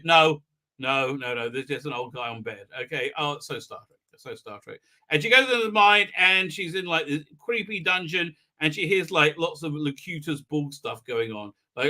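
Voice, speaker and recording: A man with a fairly high, sharp-toned voice hosts a live stream, his intonation lively and his pace moderate. He rambles through an episode recap with sarcasm and plenty of fillers, mocking the characters and mimicking them mid-sentence.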